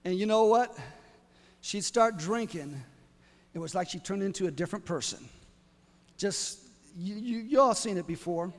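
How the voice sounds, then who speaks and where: A male preacher telling a story in a sermon, building to loud exclamations. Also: sits high, lively intonation, moderate pace, pauses often, long reverb tail.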